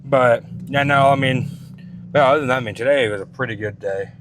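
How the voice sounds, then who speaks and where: A man's voice: medium pitch, a little fast, fairly bright tone, a little hiss or hum. A young man talking casually about his leg workout in a fitness vlog, rambling and out of breath. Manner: rambling, casual, filler-heavy. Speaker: fitness vlogger. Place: gym, then in a car.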